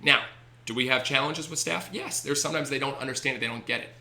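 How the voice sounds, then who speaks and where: A man's voice: mid-range voice, fast. A man, a baseball team owner, telling stories animatedly on a podcast. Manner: animated, acts out voices in anecdotes. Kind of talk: energetic storytelling on a podcast.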